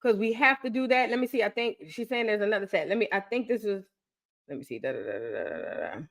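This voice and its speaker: A young woman chatting excitedly with her viewers on a live stream, repeating phrases for emphasis. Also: mid-range voice, quick pace, creaky. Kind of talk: casual live-stream chat.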